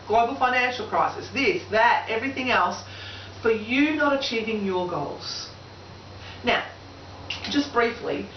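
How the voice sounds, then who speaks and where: Australian woman presenter, fairly high voice, engaging seminar style; roomy, distant, dull camera sound. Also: slight background noise. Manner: lively, engaging, asks audience questions. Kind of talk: motivational seminar talk. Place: room with an audience.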